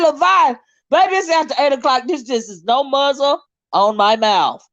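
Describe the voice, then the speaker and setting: Woman streamer with a high voice, chatty and giggly, roasting her chat, muffled dry sound. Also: lively intonation, normal speed, fairly bright tone, dry recording. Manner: laughs often, teases her chat, sidetracked and rambling. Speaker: livestream host. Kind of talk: casual live-stream chat reading viewer comments.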